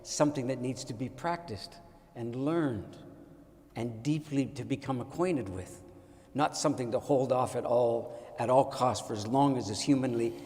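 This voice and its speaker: An older man who teaches at his own school tells a reflective story in a wry, deliberate, digressive way. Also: medium pitch, a little mellow, big-room sound.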